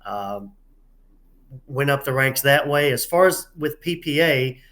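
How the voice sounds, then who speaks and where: A man with a Southern drawl, a referee guest telling stories in an interview, halting with many filler sounds and a folksy, self-deprecating manner. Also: medium pitch, expressive, fairly bright tone. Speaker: head tournament referee, guest. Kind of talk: casual interview storytelling.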